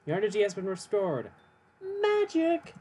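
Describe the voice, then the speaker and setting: A man's voice: fairly high pitch, very animated, normal speed, darkish tone, breathy edge. A man co-streaming a game, reading its text aloud and trading giggly, playful teasing with his partner. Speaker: let's play co-streamer. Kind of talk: casual gaming banter and reading game text.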